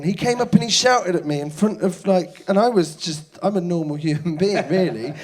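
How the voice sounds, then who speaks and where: A comedian guest telling a funny story in casual chat, often breaking into shouts and laughter as he acts out the people in it. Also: sits high, quick pace, few pauses. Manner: lively storytelling, shouting out quoted hecklers, laughing. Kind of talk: casual anecdote. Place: stage before a live audience.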